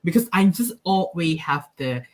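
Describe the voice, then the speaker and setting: A man's voice: on the high side, animated, normal speed. Lao-accented man, hesitant and searching. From Laos. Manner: hesitant, frequent fillers, restarts. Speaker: guest. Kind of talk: casual conversation.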